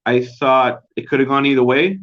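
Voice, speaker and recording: A young man talking at a middle pitch, rambling through a casual solo recap and swearing freely. He sounds laid-back and loose. The home recording is dull and lo-fi. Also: normal speed. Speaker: podcast host.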